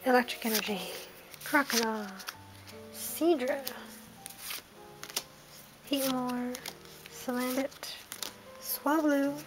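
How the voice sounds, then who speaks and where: A young woman in her twenties from the United Kingdom, murmuring card names one by one in a soft list and reacting with small bursts of excitement as she opens packs. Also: sits high, slow, pauses often, music in the background, low-quality recording. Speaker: card-opening vlogger. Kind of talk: casual card-opening commentary.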